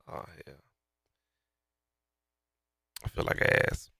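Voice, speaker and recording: A man's voice: sits low, steady tone, very slow, gravelly, pauses often, bright, forceful tone, dry recording, studio quality. A man with a stuffy nose from being sick, giving a casual, slangy walkthrough of a beat mix and talking to himself as he works. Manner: loose and slangy, talking to himself while working. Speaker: beat maker walking through a mix. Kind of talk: casual mixing tutorial.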